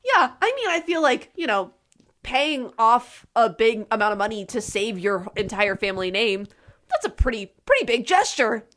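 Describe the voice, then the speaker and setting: A woman's voice: a little high, big pitch swings, normal speed, a bit bright. A young woman co-hosting a podcast, chatting casually and giggling as she retells a movie. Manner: chatty, giggly, quotes characters in playful voices. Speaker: podcast co-host. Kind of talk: casual chat recapping a movie.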